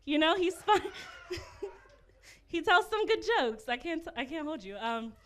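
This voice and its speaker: A woman's voice: high voice, big pitch swings, a little slow, fairly bright tone. A woman doing a stand-up set, awkward and self-deprecating, with nervous little laughs. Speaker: stand-up comedian.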